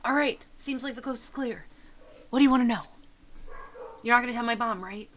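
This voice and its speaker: A woman's voice: on the high side, a bit bright, slight background noise, close to an everyday voice. A woman voicing an anxious young boy who sneaks off and begs not to be told on. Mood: nervous. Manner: pleading, whiny, fast when nervous.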